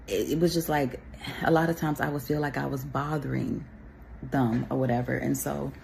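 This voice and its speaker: A woman with a very gravelly voice, low for her sex, talking to camera. She shares a personal faith testimony in a loose, rambling, chatty way and drops in pious asides. Faint noise sits under her voice. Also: darkish tone. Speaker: vlogger sharing a faith testimony.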